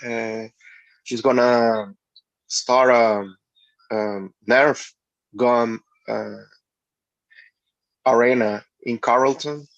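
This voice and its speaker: Man agent, slow and halting, dry lo-fi call sound. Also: mid-range voice, fairly even intonation, dry recording. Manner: halting, many fillers. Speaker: real estate agent. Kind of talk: casual video call update. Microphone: video call. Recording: dry, dull lo-fi call audio.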